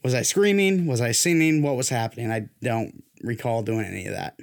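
A man's voice: mid-range voice, a little fast, creaky. Young male sports podcast host, worn-down voice, casual and jokey. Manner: loose, joking, pushes himself to sound hyped.

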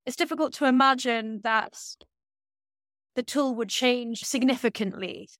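A woman's voice: fairly high pitch, a little slow, fairly bright tone, no echo. Articulate, wry woman podcast co-host. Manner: articulate, critical, lightly wry. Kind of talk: casual conversational podcast discussion.

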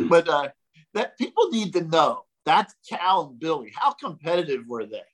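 An older man, a former ballplayer, telling animated stories as a podcast guest and acting out the quotes. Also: fairly high pitch, moderate pace, low-quality recording. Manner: animated, jokey storyteller who acts out quotes. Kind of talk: casual storytelling.

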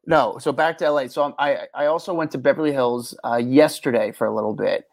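A man's voice: mid-range voice, brisk, vocal fry. A man co-hosting a podcast, telling rambling stories with many fillers and restarts. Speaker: podcast co-host. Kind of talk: casual chat.

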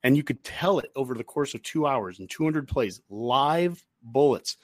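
A man co-hosting a sports podcast, talking in a casual, animated way and getting worked up as he goes. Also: mid-range voice, normal speed, no echo. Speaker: podcast co-host.

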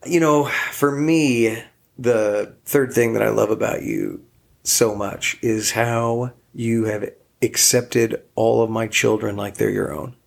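A man's voice: lowish voice, steady tone, slow pace, gravelly. A man co-hosting a couple's podcast, earnest and joking, who turns to make asides to the listeners in casual chat. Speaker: podcast co-host.

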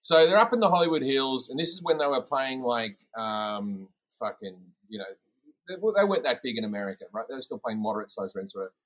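A man telling an anecdote in a casual podcast chat, animated and swearing freely. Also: medium pitch, fast, poor audio. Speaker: guest comedian. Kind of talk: casual storytelling.

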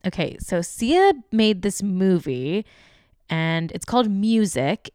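A woman's voice: lowish voice, smooth, no room sound, studio quality. A woman hosting a show, giving sarcastic, casual celebrity gossip commentary, full of fillers. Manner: chatty, sarcastic, many fillers. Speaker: podcast host.

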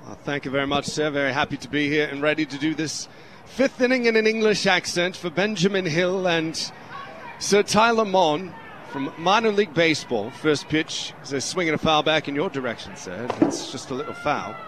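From a radio broadcast booth, a play-by-play announcer calls a baseball game in a playful, mock-formal, put-on English accent. His voice is fairly high and a bit bright, delivered at normal speed, with slight background noise.

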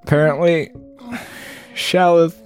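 A woman's voice: low-pitched, flat delivery, slow, darkish tone, soft background music. A woman commenting on a game playthrough in a dry, sarcastic, exasperated way. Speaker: game streamer.

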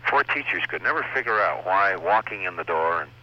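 His voice low, bright and forceful, with lively intonation and a brisk pace, the Canadian impressionist recounts his early years in a radio interview. He's a chatty, laughing storyteller who keeps breaking into voices, and the recording is lo-fi.

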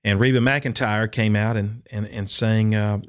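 A man's voice: lowish voice, fairly even intonation, normal speed, clean tone. A man, a country and bluegrass singer, telling stories in an interview and acting out quotes with animation. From Upper Cumberland, Tennessee. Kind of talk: storytelling interview.

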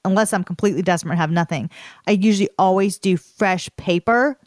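A woman's voice: mid-range voice, quick pace, dry recording, clean studio sound. A woman hosting a beauty podcast in an upbeat, playful, casual manner. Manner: upbeat, laughing, playful teasing. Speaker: podcast host. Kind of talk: casual chat.

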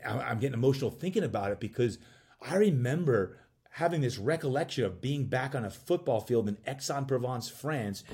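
A man, a coach and podcast guest, telling a personal story in an animated way and acting out bits of dialogue. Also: medium pitch, husky. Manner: acts out dialogue in quick voices.

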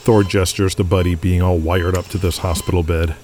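A man's voice: sits low, little pitch movement, brisk, a little mellow, slight background noise. A man giving scripted narration, describing the action in the present tense. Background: music.

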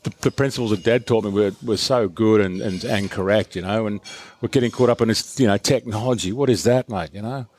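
A man's voice: fairly low pitch, brisk, hardly any pauses, a little mellow. A middle-aged man with an Australian accent, chatting as a guest in an emphatic, blokey way that leans on "mate" at every turn. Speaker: guest, former pro athlete. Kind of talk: casual chat.

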